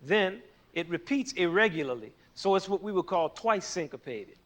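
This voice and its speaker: A man's voice: high-pitched, lively intonation, normal speed, fairly bright tone. A man teaching music in a playful, jokey way, teasing his listeners and counting beats aloud. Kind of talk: playful explanatory lesson.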